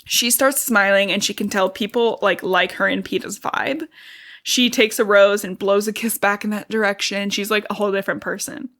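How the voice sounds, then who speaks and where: A woman's voice: medium pitch, fairly even intonation, moderate pace, fairly bright tone. A woman co-hosting a book podcast, recapping the story in casual chat full of "like" fillers. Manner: chatty, peppered with "like" fillers. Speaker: podcast co-host.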